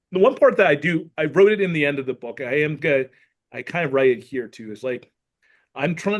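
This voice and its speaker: A man who works as a school counselor and author, talking through his ideas earnestly and thoughtfully as a podcast guest. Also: medium pitch. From Pennsylvania. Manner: earnest, thoughtful, many "like" fillers. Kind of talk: casual conversation, reading from his book.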